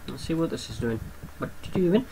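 A man's voice: fairly high pitch, very animated, a little fast, warm tone, a little hiss or hum, poor audio. Chatty young man commenting on a game. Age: young adult. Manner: chatty, talks to the creatures on screen, swears casually. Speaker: gameplay commentator. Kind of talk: casual gameplay commentary.

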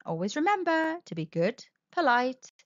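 High, sing-song woman reading a kids' story. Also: sing-song, normal speed, no room sound, muffled recording. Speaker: storytime host. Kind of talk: children's read-aloud.

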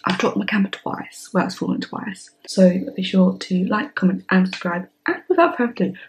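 A woman in her twenties hosting a song reaction vlog, gushing and excitable, sometimes dropping to breathy whispers. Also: mid-range voice, fairly quick, a little hiss or hum, low-quality recording. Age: 20s. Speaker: reaction channel host.

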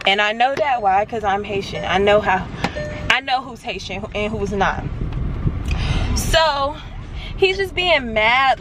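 A young woman vlogger telling a story in a casual, animated way to her viewers while loading her car outdoors, with faint traffic behind her. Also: fairly high pitch, rough recording.

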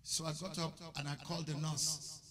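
A man preaching a testimony sermon, telling his story and breaking into loud shouts. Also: fairly high pitch, level tone, normal speed, heavy background noise.

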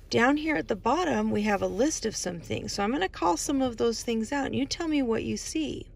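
A woman's voice: sits high, big pitch swings, normal speed, vocal fry. A woman hosting a children's storytime, asking young viewers questions as she points out things on each page and sometimes drops to a whisper. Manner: sing-song questions to kids, drops to whispers. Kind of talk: reading a picture book to young children.

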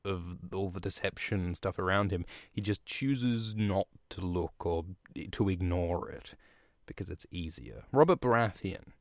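A low-voiced man riffing through a book chapter for his podcast, irreverent and full of swearing and filler words. The sound is dry and close, with no room around it. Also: dry recording. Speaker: podcast host. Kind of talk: comedic retelling of a book chapter.

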